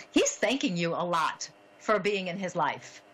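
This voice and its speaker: A woman hosting a psychic medium call-in show, speaking gently and haltingly with many fillers and soft laughs. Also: fairly low pitch, slightly rough, poor audio. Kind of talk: call-in radio reading.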